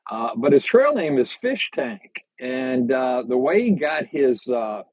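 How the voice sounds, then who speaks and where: An older man, a podcast guest, telling hiking stories in a halting, unhurried way during a casual interview. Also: mid-range voice, sing-song, a little mellow, no echo. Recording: slightly dull lo-fi sound.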